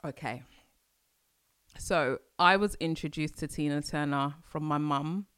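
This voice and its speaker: Woman, London accent, bright tone, animated chatty podcast host. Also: low voice, measured pace, clear, resonant tone. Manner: animated and chatty, with sudden exclamations. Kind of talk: casual solo chat.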